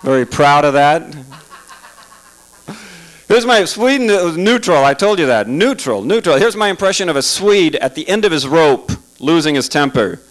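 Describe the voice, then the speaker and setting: A man's voice: on the high side, expressive, normal speed, poor audio. A man doing a stand-up comedy set in a club, sarcastic and chatty, asking the crowd questions.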